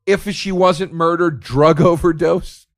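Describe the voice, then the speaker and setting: A man's voice: a little high, steady tone, takes it slowly. A man on his comedy podcast, ranting sarcastically and profanely with big swings in energy. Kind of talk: solo comedic rant.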